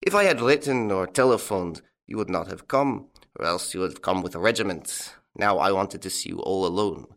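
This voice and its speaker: Guy voicing a smug young gentleman thief, low voice but bouncy and playful, ribbing his rival. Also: expressive, brisk, hardly any pauses. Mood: teasing. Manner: playful and teasing. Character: suave gentleman thief, young man, mocking. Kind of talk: audiobook character reading.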